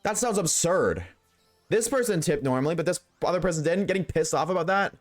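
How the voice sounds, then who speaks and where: With faint music in the background, a man on a game stream chats with viewers and rants bluntly to live chat, swearing freely. His voice sits on the high side, with lively intonation and a slightly fast pace.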